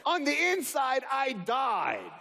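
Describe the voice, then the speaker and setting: A man's voice: very high-pitched, huge pitch swings, slow, noisy background. A man giving a motivational talk on stage, telling a story animatedly and acting out the dialogue. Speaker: motivational speaker. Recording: reverberant hall.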